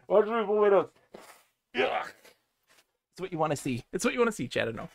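A man's voice: high voice, big pitch swings, brisk, vocal fry, no echo. A man streaming a video game at home, chatting casually in a giggly, rambling way and telling stories with animation. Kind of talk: casual live-stream chat.

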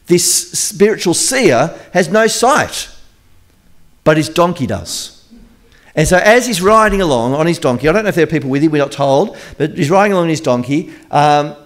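A man's voice: on the high side, animated, normal speed. Chatty man preaching a sermon. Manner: chatty, joking storytelling. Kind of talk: conversational sermon.

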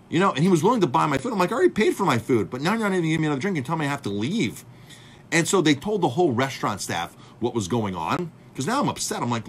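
A chef telling a story to his viewers in a casual, animated way, acting out the dialogue and calling his audience "folks". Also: mid-range voice, fast, slight background noise. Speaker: chef and speaker.

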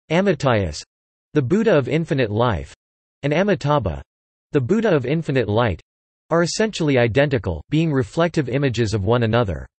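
A computer-generated man's voice reading an encyclopedia article in an even, flat machine delivery. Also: mid-range voice, no room sound. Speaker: text-to-speech reader.

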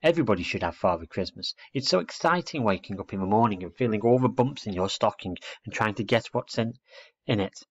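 A man's voice: lowish voice, lively intonation, brisk, breathy edge. Man doing a chatty little girl. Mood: eager. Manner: matter-of-fact, explaining. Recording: dull, muffled dry recording.

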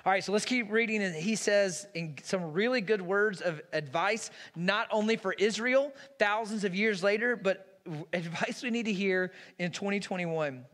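A man preaching a laid-back, storytelling sermon with a notably high voice. His words ring through a church sanctuary with a long hall reverb. He keeps the tone conversational and plainspoken. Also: moderate pace, few pauses, a bit bright. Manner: casual, storytelling. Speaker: pastor.

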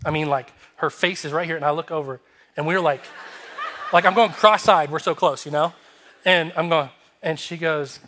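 A male pastor telling a story in a sermon, animated and humorous, acting out the dialogue. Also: on the high side, moderate pace, a little hiss or hum.

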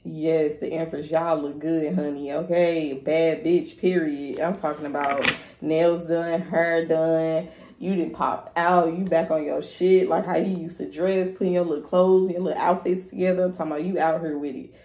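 Woman, tarot reader, low voice, blunt and profane, casual, echoey room. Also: steady tone, normal speed, dark tone. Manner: candid and profane, hyping the listener up. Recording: echoey room with faint noise.

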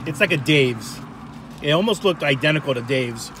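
A man's voice: a little high, animated, normal speed, a bit bright, a little hiss or hum. A man from Rhode Island hosting a food vlog, chatting casually over a meal and talking to viewers. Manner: chatty, addresses viewers as guys.

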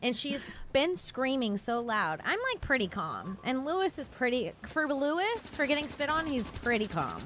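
Young woman, high voice, lively storyteller who swears a lot; faint background noise. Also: moderate pace, few pauses. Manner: animated storyteller, swears freely, acts out shouted quotes. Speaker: podcast host. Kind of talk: storytelling in casual chat.

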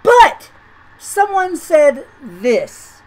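A woman's voice: sits high, huge pitch swings, extremely slow, low-quality recording. A woman making a chatty gaming video, talking in an incredulous, rambling way and often repeating her words. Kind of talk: chatty commentary over gameplay.

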